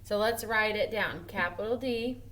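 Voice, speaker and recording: A woman teacher giving a recorded grammar lesson to first graders, slow and encouraging, drawing out her example sentences expressively. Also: medium pitch, noisy background. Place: home or classroom at a smartboard.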